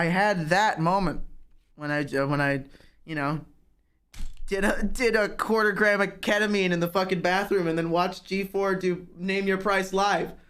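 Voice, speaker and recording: A man's voice: high-pitched, a bit bright. A young man chatting casually on a live stream, ranting and mocking himself with plenty of profanity.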